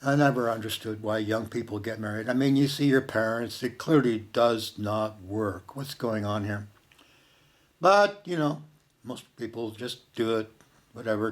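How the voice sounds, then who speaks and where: With a lowish voice, an older Canadian man shares a personal story at a slow, reflective pace, lowering to a hush on the quoted words.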